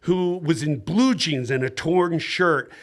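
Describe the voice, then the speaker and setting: Middle-aged jersey comic, voice on the higher side, tells stories animated, does voices, laughs a lot. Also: male voice, takes it slowly. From New Jersey. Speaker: stand-up comedian, podcast guest. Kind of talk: casual chat.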